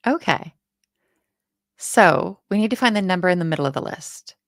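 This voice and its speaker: Chatty low-voiced woman coding. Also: animated, no echo, clean studio sound. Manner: chatty, self-deprecating, quick laughs. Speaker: co-host learning to code. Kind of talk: casual live coding chat.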